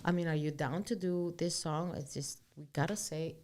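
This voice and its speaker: Animated woman telling stories. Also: low-pitched, normal speed. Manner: animated storytelling, switching between English and Spanish, swears freely. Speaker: guest singer-songwriter. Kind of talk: casual interview chat.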